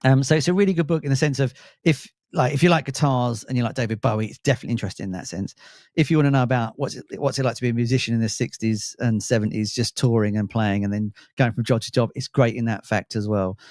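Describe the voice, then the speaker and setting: A man's voice: medium pitch, fast talker, a little mellow, dry recording, clean studio sound. A man co-hosting a casual music chat show, rambling and chatty, with lots of fillers and restarts. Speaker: co-host.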